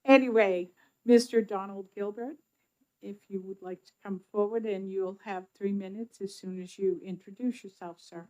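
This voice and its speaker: A woman's voice: medium pitch, steady tone, normal speed, dark tone, rough recording. Woman, committee chair, friendly, informal, joking, calls witnesses. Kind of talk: chairing a hearing.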